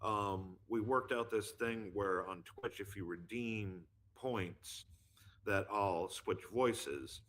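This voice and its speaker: A man chatting casually as a guest, rambling along with plenty of fillers. His voice is fairly low but carries a bright, forceful edge. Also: slow pace. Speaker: guest, streamer and voice impressionist. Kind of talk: casual chat.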